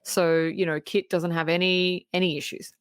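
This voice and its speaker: A woman's voice: fairly low pitch, normal speed, smooth, no room sound, clean studio sound. Chatty woman recapping a film. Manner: animated retelling with laughs and acted quotes. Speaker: podcast co-host. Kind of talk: casual film recap chat.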